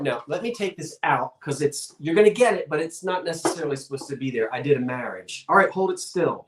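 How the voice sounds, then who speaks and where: A folksy man hosts a live-streamed sale, chatting casually and rambling off on little asides. His voice sits somewhat high for a man. The sound rings with noticeable room echo. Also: animated, brisk, hardly any pauses, slight background noise. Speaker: live online auction seller.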